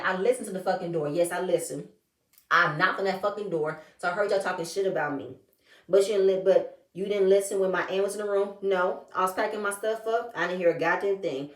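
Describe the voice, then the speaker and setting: A woman giving a sassy, animated recap of a reality show and acting out what the cast said. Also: fairly low pitch, far from the mic. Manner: animated, sassy, acts out the cast's quotes. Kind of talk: casual recap chat. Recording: echoey room, a bit off-mic.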